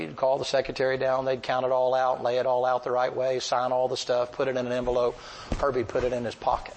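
An older man preaching a folksy, animated sermon full of stories. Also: mid-range voice, fast talker. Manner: folksy, animated, acts out voices. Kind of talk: sermon with storytelling.

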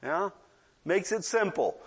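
A man's voice: high-pitched, expressive, takes it slowly, husky. A man in his sixties preaching a sermon in a conversational way, often checking in with the audience and acting out children's voices in asides. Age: 60s.

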